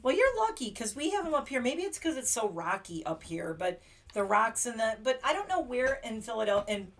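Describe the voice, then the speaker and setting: A woman's voice: a little high, very animated, a little fast. A middle-aged woman from Pennsylvania, hosting a casual livestream chat, rambling and laughing often. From Pennsylvania, USA. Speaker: livestream host.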